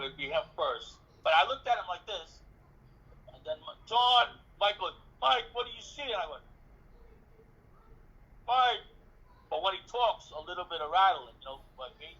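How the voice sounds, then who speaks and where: A man with a husky, rather high voice tells a story in an interview, acting out the lines of the people in it and swearing freely. His tone is bright and edgy, and the recording sounds dull and lo-fi. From New York City. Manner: animated, acts out dialogue, swears freely. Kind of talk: casual storytelling.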